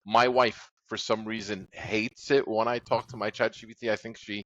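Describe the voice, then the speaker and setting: A man's voice: fairly low pitch, little pitch movement, moderate pace. A man in casual podcast chat who rambles with many fillers and laughs at his own stories. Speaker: podcast co-host. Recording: dull lo-fi audio.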